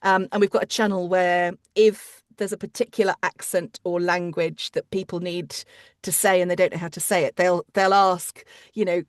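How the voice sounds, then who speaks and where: A woman, an audiobook narrator and coach, chatting in an interview with quick asides and restarts. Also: lowish voice, little pitch movement, no echo, studio quality. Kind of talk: casual interview chat.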